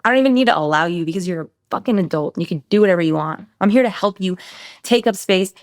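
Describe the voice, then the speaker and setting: A woman in her thirties hosting a casual solo podcast as a nutrition coach, talking fast and bluntly, swearing freely and throwing in animated asides. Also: mid-range voice, no echo, studio quality.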